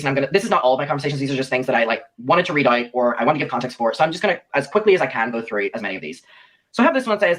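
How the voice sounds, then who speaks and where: A young man rattling through his story at a quick clip, his pitch sitting in an ordinary middle range. He reads out old messages and rambles with plenty of ums and likes. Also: a bit bright, low-quality recording. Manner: rambling, many fillers like "um" and "like". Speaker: YouTuber telling his side. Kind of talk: casual storytelling while reading out messages.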